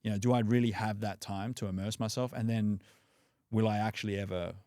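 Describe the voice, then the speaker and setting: Speaking a little fast in a lowish voice, this Australian podcast guest keeps things relaxed and conversational, peppering his talk with "like" and "you know." English is his first language, and the recording is dry and studio quality.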